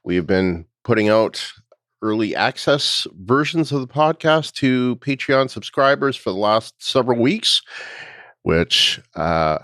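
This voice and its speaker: A man's voice: lowish voice, a bit bright, no echo, studio quality. A man hosting a podcast in casual chat, talking hesitantly with many fillers. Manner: hesitant, full of fillers and restarts. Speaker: podcast host.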